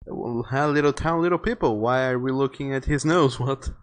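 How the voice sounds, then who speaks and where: A man's voice: medium pitch, normal speed. Chatty male game streamer. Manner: chatty, reads viewer messages aloud, swears. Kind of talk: casual live-stream commentary.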